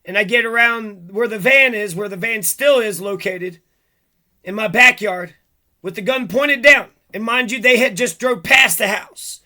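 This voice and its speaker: A man's voice: high voice, unhurried, bright, forceful tone. A man talking alone to his audience in an agitated, rambling, heavily profane rant. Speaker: vlogger. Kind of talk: monologue to camera.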